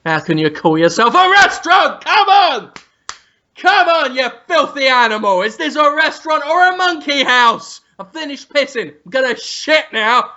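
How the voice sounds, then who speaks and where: A man's voice: sits high, measured pace, sharp tone. A man voicing a furious, foul-mouthed, unhinged celebrity chef who screams insults. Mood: ranting. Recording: dull lo-fi audio.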